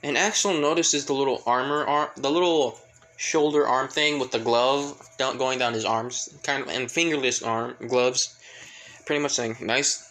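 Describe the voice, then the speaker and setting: A man's voice: medium pitch, fairly even intonation, moderate pace, fairly bright tone, low-quality recording. A man casually retelling a fan fiction story, rambling and repeating fillers. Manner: rambling, fills with "pretty much".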